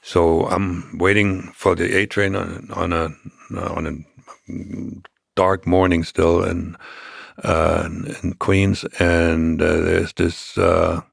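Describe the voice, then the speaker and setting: Deep gravelly older man telling a story. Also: flat delivery, no room sound, clean studio sound. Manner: halting, many restarts and fillers. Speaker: interview guest. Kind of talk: storytelling in a podcast interview.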